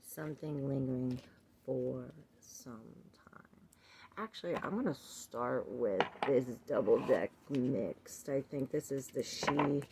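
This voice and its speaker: A woman's voice: very deep voice, takes it slowly, vocal fry, very noisy. A woman doing a tarot reading for viewers, chatting casually and thinking aloud between cards. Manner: rambling, thinking aloud with fillers and laughs. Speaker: tarot reader.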